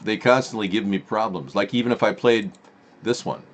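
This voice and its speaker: A man's voice: fairly low pitch, brisk. A man hosting a live-stream political talk show in a rambling, sarcastic manner. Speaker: host.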